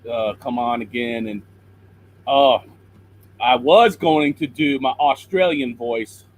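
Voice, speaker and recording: A man's voice: medium pitch, takes it slowly, a little hiss or hum, poor audio. Earnest preachy man on a call. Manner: earnest, preachy, quotes scripture. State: slightly hoarse throat. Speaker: caller. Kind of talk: call-in chat and Bible encouragement.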